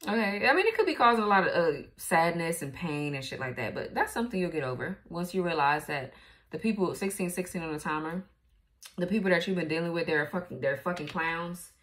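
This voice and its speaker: Brief: woman tarot reader, lower-set voice, salty and blunt, quick laughs and sudden leaps in pitch. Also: animated, a bit bright. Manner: blunt, profane, laughs often. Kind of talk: casual tarot reading.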